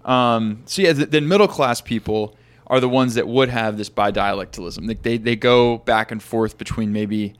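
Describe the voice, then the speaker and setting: A man from Arizona in casual chat as a co-host, talkative and quick to laugh, often restarting his sentences. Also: mid-range voice, smooth.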